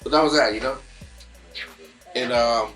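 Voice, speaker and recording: A man's voice: mid-range voice, a little slow, a bit bright, faint music behind, rough recording. Man telling a story in a barbershop. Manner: rambling storytelling with many fillers and restarts. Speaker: guest musician. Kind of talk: casual chat.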